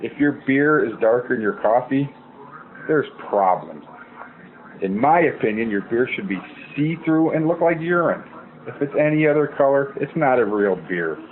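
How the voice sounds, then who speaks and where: A man's voice: medium pitch, lively intonation, moderate pace. A man from Milwaukee giving a blunt, mocking comedic rant. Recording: tinny phone-like audio.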